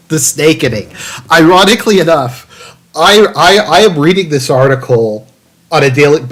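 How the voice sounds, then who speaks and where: A man's voice: medium pitch, a bit bright. A man hosting a political commentary livestream, reading an article aloud with sarcastic asides and lots of fillers and restarts.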